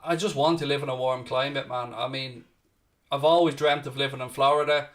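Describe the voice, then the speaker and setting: A man's voice: medium pitch, steady tone, a little fast, fairly bright tone. An Irish man hosting a live football watchalong, chatting casually and answering viewer questions, calling people "mate". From Ireland. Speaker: watchalong host. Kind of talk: casual live-stream chat.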